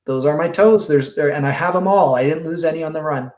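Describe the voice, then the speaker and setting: A middle-aged man guesting on a podcast, telling a story in a very expressive, animated way. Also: on the high side, fast. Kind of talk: casual storytelling interview.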